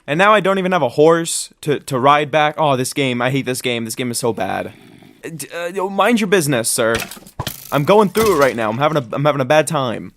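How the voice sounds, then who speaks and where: A man's voice: mid-range voice, animated, fast, few pauses, fairly bright tone. A young man giving casual, upbeat let's-play commentary on his game, with dramatic reactions. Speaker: gaming YouTuber.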